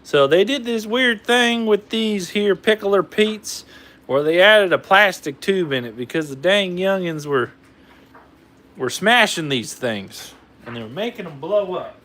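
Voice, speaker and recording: A man's voice: high-pitched, expressive, measured pace, a bit bright. A man hosting a fireworks video in a put-on Southern drawl, folksy and joking as he rambles through a hands-on demo for a camera operator. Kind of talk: casual hands-on demonstration. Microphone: camera mic, filmed by a camera operator. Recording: roomy, distant camera audio with faint noise.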